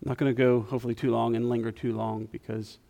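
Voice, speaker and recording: A man preaching a sermon in a church, talking in a conversational, self-deprecating way and softening into quiet prayer. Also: medium pitch, level tone, fast talker, creaky. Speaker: guest preacher. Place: church sanctuary.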